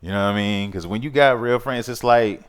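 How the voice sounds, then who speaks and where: A man's voice: mid-range voice, normal speed, smooth. A man hosting his own vlog, talking in a rambling, earnest and somewhat preachy way, often repeating "you know what I mean". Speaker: vlog host. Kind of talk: casual monologue.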